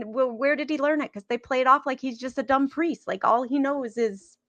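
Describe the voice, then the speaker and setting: A woman's voice: sits high, brisk, hardly any pauses, fairly bright tone, no room sound, highs cut off. A woman co-hosting a casual movie review chat, joking bluntly. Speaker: podcast co-host.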